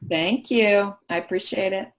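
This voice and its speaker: Lively woman presenter asking questions. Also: mid-range voice, measured pace, a little hiss or hum. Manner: animated, asks the audience many questions. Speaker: workshop presenter. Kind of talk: professional development workshop talk.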